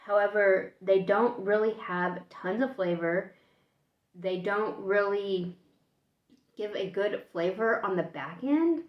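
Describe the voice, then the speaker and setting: A woman's voice: mid-range voice, takes it slowly. Woman from the US, casual food vlog, thinks aloud while tasting, roomy echo, slightly dull lo-fi sound. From United States. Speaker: food vlogger. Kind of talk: casual taste-test vlog. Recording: echoey room, dull lo-fi sound.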